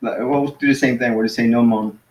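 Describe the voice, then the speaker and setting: A man leads a relaxed, casual language lesson and explains each point patiently, one step at a time. His voice sits at a middle pitch. The room around him is noticeably echoey. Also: fairly quick. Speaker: Greek teacher.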